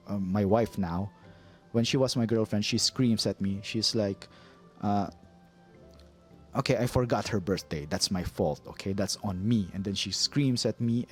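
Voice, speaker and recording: A man from the Philippines, a movie reviewer, giving an earnest opinionated commentary and often restarting his sentences. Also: lowish voice. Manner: earnest, repeats himself, frequent restarts.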